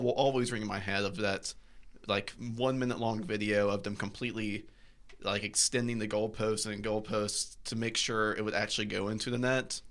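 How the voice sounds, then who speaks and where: A man co-hosts a soccer podcast, rambling a little and hesitating as he goes. His voice sits low with a gravelly edge. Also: a bit bright. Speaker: podcast co-host. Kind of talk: casual sports chat.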